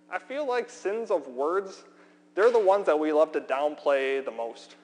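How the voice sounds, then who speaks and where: A man preaching a sermon as pastor, earnest and emphatic, slowing down with deliberate pauses for weight. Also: on the high side, lively intonation, a little mellow. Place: church sanctuary. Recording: long hall reverb, faint hum.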